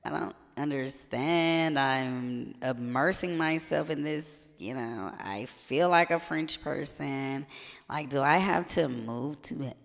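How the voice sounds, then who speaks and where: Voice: mid-range voice, creaky. Rambling, profane live streamer. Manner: rambling, loose and profane, slangy; switches into halting French. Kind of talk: casual chat. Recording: long reverb with music behind.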